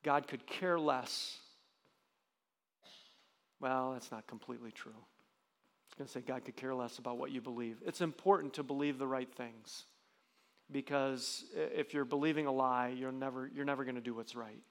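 A man's voice: medium pitch, steady tone, normal speed, long pauses, a bit bright, in a large hall. A man preaching a sermon as pastor, earnest, with frequent restarts and rising emphasis.

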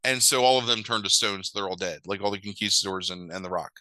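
A man's voice: sits low, fast, bright, forceful tone, dry recording, low-quality recording. A man casually retelling a movie plot, swearing and acting out the characters' lines in mock voices. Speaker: podcast host recapping a movie. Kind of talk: casual chat.

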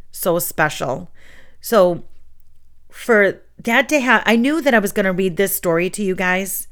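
A middle-aged woman, a teacher hosting a story show, reading a bedtime story and then chatting in a gushing, animated way. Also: mid-range voice, clear, resonant tone. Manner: gushing, animated storyteller who acts out quotes. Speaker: preschool teacher and story podcast host.

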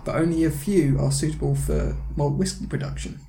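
A man's voice: a little high, a little fast, dark tone. A man hosting a casual podcast, chatty and teasing, correcting his co-host as they talk. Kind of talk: casual chat.

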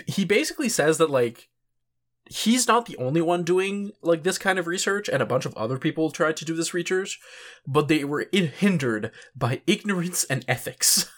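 A man's voice: a little high, fairly bright tone. Rambling, laid-back male podcast host. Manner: rambling, filler-heavy, swears and chuckles often. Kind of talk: casual chat.

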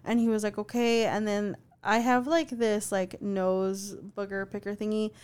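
A woman's voice: mid-range voice, fairly even intonation, moderate pace, darkish tone, clean tone. A young woman co-hosting a podcast, telling a story in casual chat, full of "like" fillers and swearing freely. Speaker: podcast co-host.

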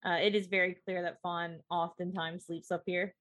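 A woman's voice: on the low side, normal speed, no echo. A woman casually narrating her character's actions as a player in a tabletop role-playing game. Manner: relaxed, describing actions with fillers.

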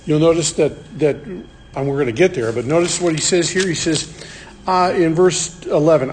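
Slightly high-voiced man leading a Bible study. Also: moderate pace, darkish tone, slight background noise. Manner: explanatory, drives his point with questions. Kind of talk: casual Bible study discussion.

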